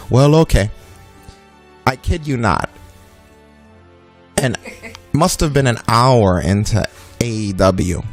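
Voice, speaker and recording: A young man co-hosting a game stream, telling a story in an animated, profane rant. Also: lowish voice. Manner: ranting, swears freely, animated storytelling. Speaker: streamer and co-host. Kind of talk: casual chat during a game stream.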